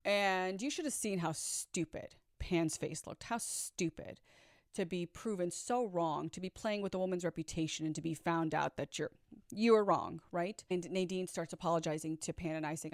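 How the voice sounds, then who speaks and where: A woman's voice: fairly low pitch, moderate pace, a little mellow, no room sound. Chatty storytelling woman, dry close sound. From Chicago, USA. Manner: chatty, sassy asides to viewers, frequent laughter. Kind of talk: storytime vlog.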